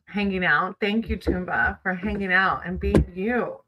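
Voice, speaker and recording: A woman's voice: mid-range voice, unhurried, muffled recording, soft background music. A woman chatting casually with viewers on a livestream, greeting them by name and reading tarot cards.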